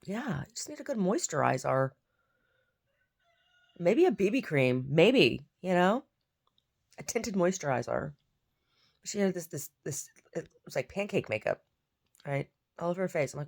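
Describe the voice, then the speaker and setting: A woman chats casually to camera about her day. Her voice sits low with a gravelly fry, yet her pitch rises and falls in a lively way. She rambles and circles back over her own words. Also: normal speed, long pauses. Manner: rambling, repeats herself, chatty. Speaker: painter vlogging her day. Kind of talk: casual chat.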